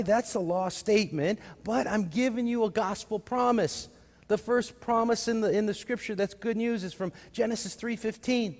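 A man's voice: high-pitched, moderate pace, in a large hall. A man preaching a sermon as pastor, putting questions to the congregation and answering them himself. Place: church sanctuary.

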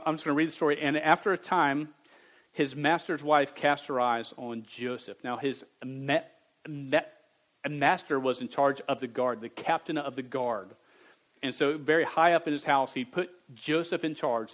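A man preaching a sermon to young people, stammering at times and jumping from quiet reading to loud bursts. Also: fairly high pitch, steady tone, normal speed, rough recording. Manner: stammers on words.

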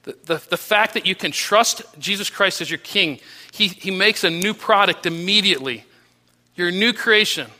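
Bright-voiced preacher, earnest and fervent. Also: male voice, moderate pace. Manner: earnest preaching with restarts, voice dropping low and soft on key phrases. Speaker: pastor. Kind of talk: sermon.

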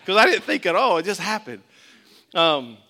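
A man's voice: high voice, very animated, moderate pace, pushed and bright. A middle-aged man from Florida preaching a sermon in a conversational, joking way, mixing scripture with a story from his own childhood. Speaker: pastor.

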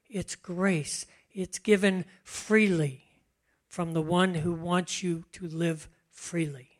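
An older pastor speaks in a relaxed, chatty way, laughing often. His voice sits fairly high, and he takes his time, drawing out the words he wants to stress. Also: takes it slowly. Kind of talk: conversational sermon.

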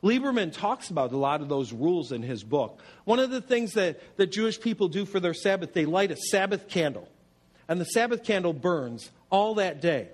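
A man preaching a sermon as pastor, animated and humorous, telling stories and asking rhetorical questions. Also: high-pitched.

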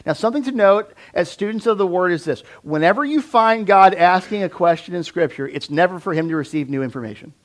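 A man preaching a conversational sermon, acting out voices of Bible figures and often dropping to a low, quiet voice. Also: lively intonation, brisk, few pauses. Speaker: pastor.

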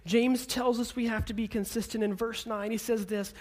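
A male pastor in his thirties giving an earnest sermon, speaking gently and then building to emphatic declarations. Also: extremely high pitch, level tone, normal speed, few pauses.

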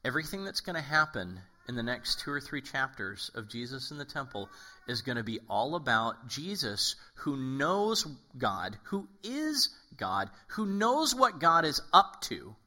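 A man's voice: medium pitch, measured pace. A male pastor giving a casual, conversational sermon, acting out quotes and often checking in with "okay?". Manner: animated, acts out quoted voices, frequent "okay?".

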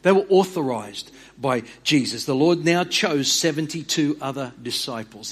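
A man's voice: expressive, normal speed, hardly any pauses, breathy edge. A man preaching a sermon as pastor. He speaks earnestly, often stammers on his opening words and repeats phrases for emphasis. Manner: drops low and quiet on key words.

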